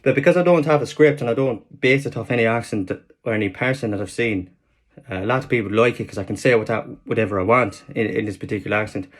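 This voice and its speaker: A man putting on a Southern Irish accent to play an easygoing Irish man who talks fast and repeats words. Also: on the low side, natural voice. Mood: breezy. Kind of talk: accent demonstration, improvised chat.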